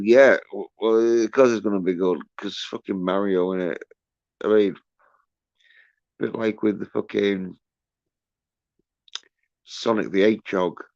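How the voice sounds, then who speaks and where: A man's voice: fairly low pitch, steady tone, a little slow, creaky, pauses often, a little mellow, no echo, dull audio. A man hosting a livestream, ranting in a rambling, profane way with many fillers and restarts. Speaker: livestream host.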